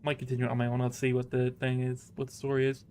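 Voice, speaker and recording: A man's voice: mid-range voice, completely flat delivery, fast, darkish tone. A man hosting a casual let's-play stream, joking, laughing often and drifting into rambling tangents. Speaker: gaming channel host.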